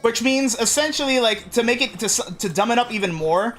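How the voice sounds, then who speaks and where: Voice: mid-range voice, expressive, brisk, fairly bright tone, faint music behind. Rambling let's play streamer. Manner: rambling, with frequent restarts and self-corrections. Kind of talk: casual gameplay commentary.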